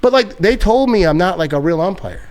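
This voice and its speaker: Young male podcast guest, slightly high-pitched, loose rambling storyteller with lots of fillers and laughs. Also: expressive, a little fast, a little mellow. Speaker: podcast guest, sports content creator. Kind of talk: casual storytelling.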